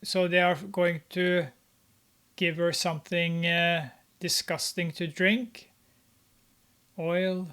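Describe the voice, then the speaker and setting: A man with a fairly high voice talks over a movie at an unhurried pace. His commentary is casual and sarcastic, mocking what he sees with plenty of hesitant "uh" fillers. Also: flat delivery, sharp tone, clean tone. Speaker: movie reviewer.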